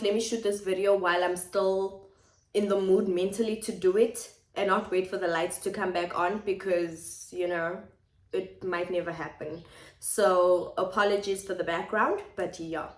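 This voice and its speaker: A woman's voice: mid-range voice, fairly even intonation, moderate pace. A woman vlogging at home, talking things through in a reflective, repetitive way. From South Africa. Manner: reflective, speaks in repeated phrases. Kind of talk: personal vlog confiding to viewers. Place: home kitchen. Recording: echoey kitchen.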